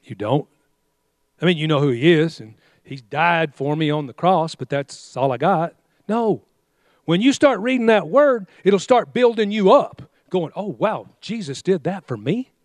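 Fired-up preacher man, high voice. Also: a little slow, dry recording, studio quality. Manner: fiery, exhorting, with call-and-response commands. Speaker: pastor. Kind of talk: sermon.

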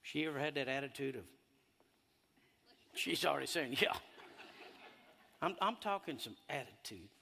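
Emphatic male preacher, high and bright, big swings in pitch. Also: moderate pace, vocal fry, long pauses, big-room sound, slight background noise. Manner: animated and emphatic, drawing in the congregation. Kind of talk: sermon.

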